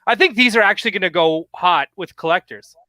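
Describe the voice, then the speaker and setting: A man's voice: sits high, fairly quick, bright, forceful tone, no room sound. A man from Canada chatting matter-of-factly as a guest on a casual podcast.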